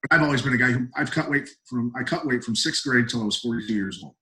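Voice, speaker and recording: Middle-aged male guest, mid-pitched, blunt storyteller with emphatic bursts. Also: quick pace, sharp tone, rough recording. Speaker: guest, retired fighter and coach. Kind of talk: casual podcast storytelling.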